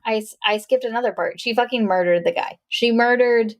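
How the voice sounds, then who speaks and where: Animated higher-voiced woman recapping a film. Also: brisk. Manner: animated storytelling, acts out quotes in playful voices. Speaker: podcast co-host. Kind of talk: casual chat recapping a film.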